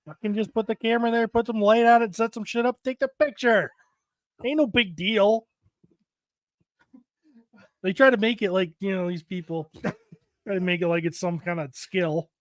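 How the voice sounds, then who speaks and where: High-voiced man, blunt and sarcastic. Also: fairly even intonation, normal speed, pauses often, no room sound, studio quality. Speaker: podcast co-host. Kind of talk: casual banter.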